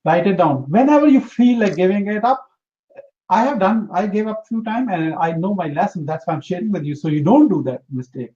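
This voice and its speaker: Earnest high-voiced man giving advice. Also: expressive, fairly quick, warm tone, muffled recording. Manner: earnest, emphatic, repeats for emphasis. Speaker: interview guest, entrepreneur. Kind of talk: motivational interview talk.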